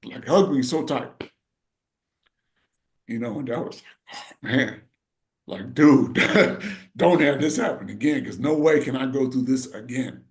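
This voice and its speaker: A middle-aged man speaks in a casual podcast chat. He tells his story with heartfelt emotion and rambles, leaning on little check-ins with his listeners. His voice sits at an ordinary pitch for a man. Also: measured pace, long pauses. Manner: rambling, full of "you know" and "right". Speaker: podcast co-host.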